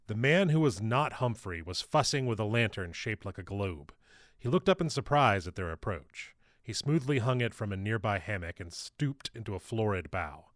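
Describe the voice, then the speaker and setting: A man narrates his own novel in a steady, measured way. His voice is low, and the recording is close and dry. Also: no echo. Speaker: author reading his novel. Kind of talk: audiobook narration.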